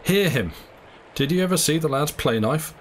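A man's voice: fairly high pitch, lively intonation, normal speed, slight background noise, pitched above the performer's own voice, close to an everyday voice. A man reading the part of a coarse, vulgar stranger who talks rudely and boasts. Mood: boastful. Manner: rude, boastful.

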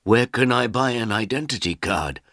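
A man's voice: mid-range voice, lively intonation, moderate pace, fairly bright tone, no echo, studio quality, voice pushed up. A man voicing a poor old village man who is anxious and impatient, pleading in a raised voice.

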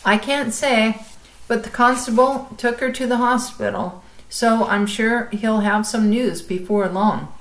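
A woman reading the lines of a kind, steady farm father in a storybook, talking in a warm, coaxing way. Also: fairly high pitch, a little slow, natural voice, rough recording. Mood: kindly.

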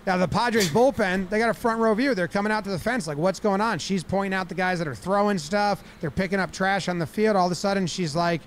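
A man breaking down baseball game footage in a lively, casual way, acting out what the players say. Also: sits high, fast, hardly any pauses, slight background noise. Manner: animated, acts out players' lines in exaggerated voices. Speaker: baseball commentator.

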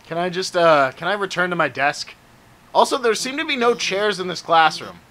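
A man's voice: sits high, lively intonation, moderate pace, sharp tone. A man giving casual let's-play commentary, joking, swearing and talking to the game's characters. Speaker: let's player. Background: game music.

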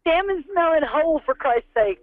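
Sassy high-voiced woman answering a phone. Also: expressive, normal speed, dry recording, phone-quality sound. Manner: mocking, sassy. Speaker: saloon staff answering phone. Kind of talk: phone call banter.

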